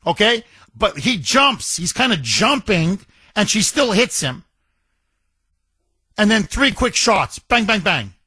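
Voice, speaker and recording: A man's voice: high-pitched, very animated, takes it slowly, long pauses, pushed and bright, breathy edge, no room sound. A man hosting a talk radio show, describing events in an emphatic, indignant way and repeating words for stress.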